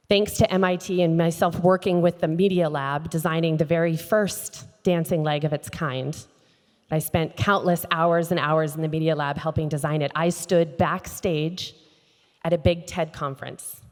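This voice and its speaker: A woman giving an inspirational speech on a conference stage, telling a personal story with expressive delivery and acting out the dialogue. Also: on the low side. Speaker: keynote speaker. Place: conference stage in a large hall. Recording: long hall reverb.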